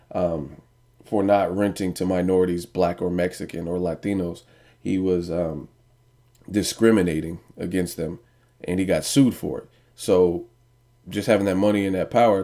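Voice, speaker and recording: Low, dark-toned man, blunt and profane, casual vlog rant. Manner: blunt, profane, repeats "you know what I mean". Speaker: boxing vlogger.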